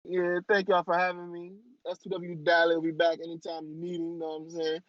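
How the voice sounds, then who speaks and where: A man's voice: fairly high pitch, monotone, fast, dry recording, highs cut off. A man appearing as a guest on a casual podcast chat, teasing and joking.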